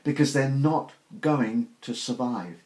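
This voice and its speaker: A man's voice: medium pitch, takes it slowly, a little mellow. An older man preaching an informal sermon to a small group, earnest and emphatic, asking rhetorical questions. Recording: roomy echo.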